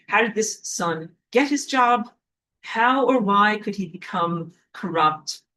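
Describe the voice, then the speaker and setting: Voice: mid-range voice, sharp tone, low-quality recording. A spiritual teacher talking casually on a livestream, rambling with many fillers and the odd swear word, reading viewer comments aloud and apologizing often. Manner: rambling, with frequent fillers and profanity.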